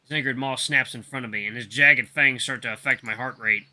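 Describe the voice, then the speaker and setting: A man reading a story game aloud in expressive first-person narration. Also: medium pitch, fairly quick.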